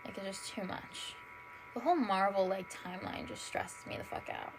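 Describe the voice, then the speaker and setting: A woman's voice: mid-range voice, normal speed, noisy background. A tired young woman hosting a casual solo podcast, rambling and swearing freely, saying "like" constantly and gushing in a self-admittedly dramatic way. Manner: rambling, fills nearly every phrase with "like", swears freely. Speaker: podcast host.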